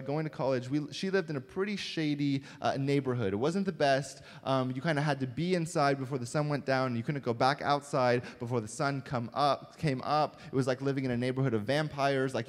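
Young male pastor, comic storyteller, slightly high voice, live church hall echo. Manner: joking storyteller, swings from loud to hushed. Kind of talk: humorous sermon.

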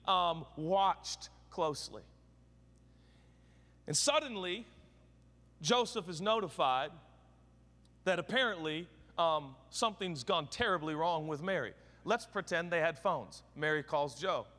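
A male pastor giving a sermon, telling the story with comic, animated energy in a large church hall with long reverb. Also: high voice.

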